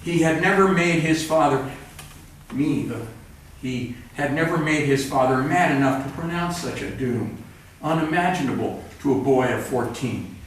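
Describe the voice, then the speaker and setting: The voice belongs to a man with a fairly high pitch reading at a moderate pace from books he wrote. He's wry and straightforward, offering rambling asides between pieces at a live event in a cultural center event room. Recorded from afar, the roomy audio carries slight background noise.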